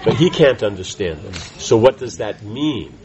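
A man's voice: on the low side, expressive, over music, rough recording. A man teaching a conversational scripture class, often restarting his sentences and checking in with "right?". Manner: halting restarts, keeps asking "right?".

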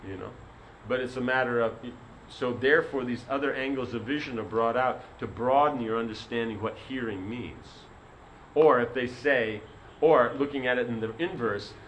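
A spiritual teacher delivers a sermon built around a story, his mid-range voice a touch bright. He wanders loosely and leans on fillers like "you know." The audio is poor, with slight background noise.

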